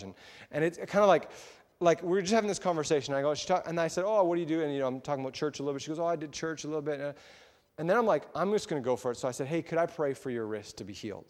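A man's voice: mid-range voice, darkish tone. Man preaching casually in a reverberant hall. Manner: casual, chatty, with fillers and laughs. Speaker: pastor. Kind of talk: sermon storytelling. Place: church sanctuary.

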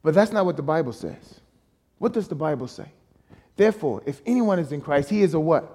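Emphatic high-voiced male preacher. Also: very animated, a little fast, mellow, husky. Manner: emphatic, rhetorical questions, calls for congregation response. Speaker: guest preacher. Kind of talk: sermon.

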